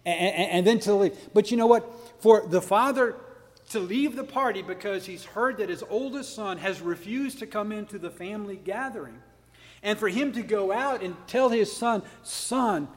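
Male preacher, high voice, earnest sermon, long echoing hall. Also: normal speed. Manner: earnest and emphatic, with many restarts and rhetorical questions.

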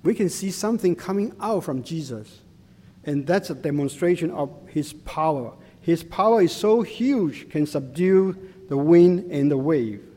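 Slow-speaking man preaching in a hall. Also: on the high side, expressive, warm tone. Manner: slow, deliberate preaching in simple non-native English. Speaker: pastor. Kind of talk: sermon. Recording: long hall reverb.

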